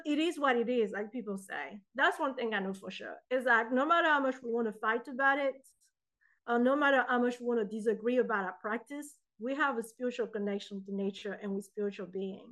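A young woman with a French accent talks in an interview, lively and storytelling as she answers. Her voice sits a little high for a woman. She acts out quoted voices now and then. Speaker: poet and author. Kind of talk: interview conversation.

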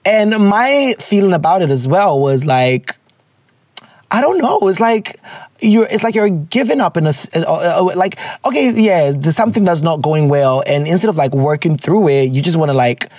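A man's voice: fairly high pitch, normal speed, dry recording. A young man hosting a casual advice podcast, reading listener letters, joking and slipping into Twi. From Ghana. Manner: animated and joking, laughs often, drifts into Twi.

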